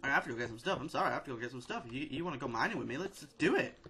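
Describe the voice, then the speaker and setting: A man hosting a casual let's-play video, excitedly chattering at the characters in his game. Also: medium pitch, very fast. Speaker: gaming video host. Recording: loud steady background noise.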